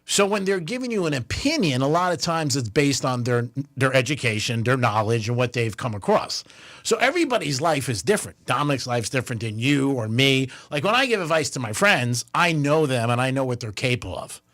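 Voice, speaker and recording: A male radio host who tells stories in lively, casual banter and laughs often. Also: medium pitch, a little fast. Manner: animated storyteller, laughs often.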